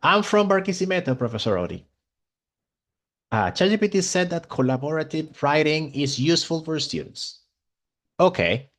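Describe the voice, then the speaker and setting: Spanish-speaking guy teaching english online, slow and super animated. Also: on the high side. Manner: enthusiastic, expressive. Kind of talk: online class lecture.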